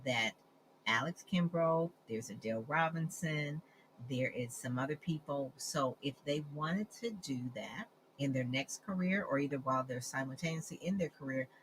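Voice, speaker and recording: A woman hosting an interview on a video call, asking questions in an energetic, emphatic way. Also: extremely low pitch, a little hiss or hum, low-quality recording. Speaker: show host.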